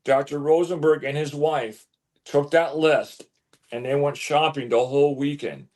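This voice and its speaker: A man's voice: fairly high pitch, measured pace. Man telling a story with lots of repeats. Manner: animated storyteller, stammers and repeats words. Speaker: interview guest, homeowner. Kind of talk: casual storytelling.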